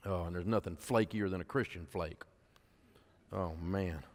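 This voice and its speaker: A man's voice: low-pitched, unhurried. A middle-aged man, speaking to a conference audience in a folksy storytelling way and often asking the crowd questions. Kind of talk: speech to an audience. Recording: long hall reverb.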